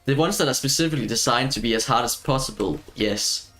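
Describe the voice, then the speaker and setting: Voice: mid-range voice, fast, a bit bright, soft background music. A streamer chatting casually while playing a game, joking and laughing often. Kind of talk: casual gaming chat.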